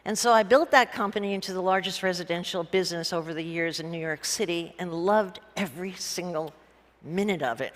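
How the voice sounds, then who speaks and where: A woman's voice: fairly low pitch, brisk. A woman giving a humorous talk at a conference, telling stories in a blunt, joking way with some casual profanity. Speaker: conference speaker, businesswoman. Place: conference stage before a live audience. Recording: reverberant hall.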